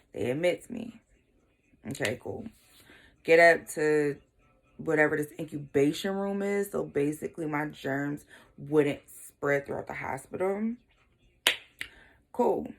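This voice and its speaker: Low, gravelly-voiced young woman vlogger. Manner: casual, shrugging asides like "blah, blah" and "whatever". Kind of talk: candid personal storytelling.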